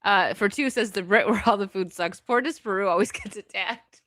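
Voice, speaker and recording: A woman's voice: medium pitch, moderate pace, bright, forceful tone, no room sound. An American woman hosting a casual live stream, chatting and reading out viewer donations with frequent laughter. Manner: chatty, laughs often, reads donor messages aloud. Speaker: host.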